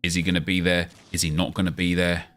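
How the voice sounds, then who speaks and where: A man's voice: low-pitched, monotone, fast, fairly bright tone. A young man chatting casually on a live stream, answering viewer questions as he plays a football game.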